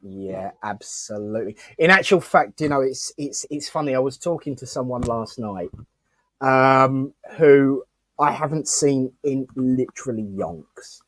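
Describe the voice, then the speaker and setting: A man's voice: medium pitch, unhurried, dry recording. Chatty man hosting, dry sound. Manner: chatty and rambling, many fillers and restarts. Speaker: host. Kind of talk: casual live-stream chat.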